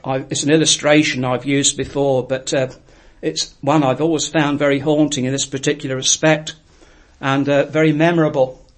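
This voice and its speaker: A man preaching a sermon, telling a story in an earnest, reflective way with frequent pauses. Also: medium pitch, flat delivery.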